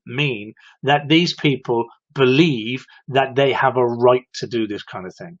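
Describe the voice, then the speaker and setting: Man giving advice on a dull stream. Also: mid-range voice. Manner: explains patiently, addresses viewers directly with tag questions. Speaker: host of a live show for electricians. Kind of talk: live-streamed advice talk.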